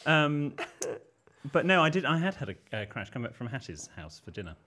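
A man's voice: fairly high pitch, very animated, brisk, bright, forceful tone. A man co-hosting a podcast, chatting in a dry, arch manner. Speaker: podcast co-host. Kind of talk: casual chat.

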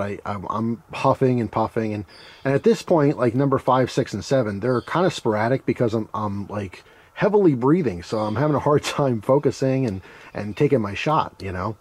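Husky-voiced man telling a story. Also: mid-range voice, darkish tone. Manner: rambling, laughs while telling, acts out quoted voices. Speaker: knife channel host. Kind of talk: casual storytelling.

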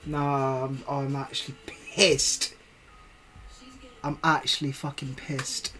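A man's voice: mid-range voice, level tone, takes it slowly, sharp tone, soft background music. A young man live-streaming a video game, cursing and ranting at himself in casual commentary. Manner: swears a lot, exasperated ranting, talks to himself.

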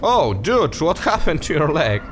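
Excitable gamer guy with a lively voice. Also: on the high side, moderate pace, a little hiss or hum. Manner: excitable, laughing, talks to viewers as guys. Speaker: gaming youtuber. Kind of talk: casual let's play commentary.

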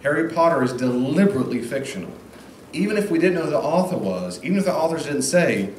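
A man teaching the Bible in an informal classroom lecture, lively and acting out quoted voices, recorded in a room with a live audience. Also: a little high, fast talker, slight background noise. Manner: animated, acts out quoted voices. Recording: echoey room, faint ambience.

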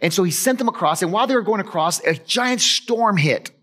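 A male pastor delivers a conversational sermon in a fairly high voice that leaps up and down with lively expression. He moves between emphatic, louder lines and hushed, slowed ones. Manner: animated, conversational preaching with emphatic swings from loud to hushed.

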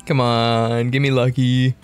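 A man's voice: mid-range voice, flat delivery, measured pace, smooth. A young man joking and teasing his friend as they play a party video game together. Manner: joking, teasing, breaks into silly put-on voices. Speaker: let's play host. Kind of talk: casual gaming banter. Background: game music.

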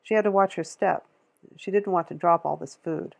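A woman reading a novel aloud in a steady, measured way, with a gravelly, husky voice. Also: on the low side. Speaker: audiobook reader.

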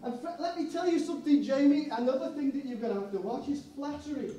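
A man's voice: extremely high pitch, fast talker, dark tone, a little hiss or hum. A man preaching a sermon, telling a story and acting out the people in it. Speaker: pastor. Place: church hall. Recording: echoey church hall, mic far off.

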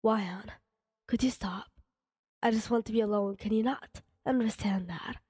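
A woman voicing a calm, remorseful teenage boy hero in a soft whisper, as whispered role-play. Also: mid-range voice, a little slow, husky, in a large hall. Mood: irritated.

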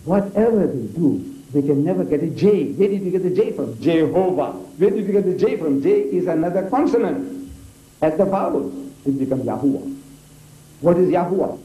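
An older man from South Africa lectures a debate audience, firing rhetorical questions with emphasis. His voice is fairly high and notably dark and mellow. It comes from a distant mic in an echoey hall. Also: expressive, moderate pace. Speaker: debate speaker.

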